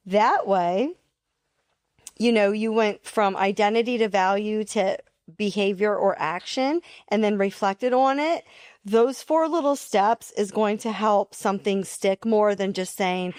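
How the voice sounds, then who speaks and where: A woman co-hosting a podcast, chatty and animated, laughing easily between points. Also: medium pitch, a little slow, no room sound, studio quality. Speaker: podcast co-host, nurse. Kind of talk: casual podcast chat.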